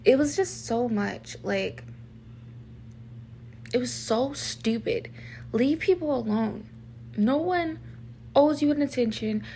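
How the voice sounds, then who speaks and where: A woman's voice: fairly high pitch, expressive, slow pace, long pauses, dark tone, slight background noise. A woman hosting a podcast, venting frankly and emphatically while telling her own story. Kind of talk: candid personal storytelling.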